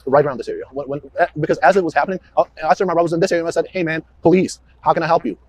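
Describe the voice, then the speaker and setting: A man, a police officer, walking investigators through events in a halting way, often repeating words and restarting. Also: on the high side, dry recording. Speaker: police officer questioned about a shooting. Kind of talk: recorded interview walkthrough.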